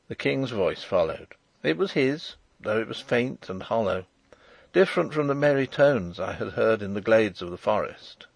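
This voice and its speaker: A man reading a novel aloud as an audiobook narrator, in a measured, dramatic storytelling manner. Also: lowish voice, sing-song, vocal fry, dry recording. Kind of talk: first-person audiobook narration.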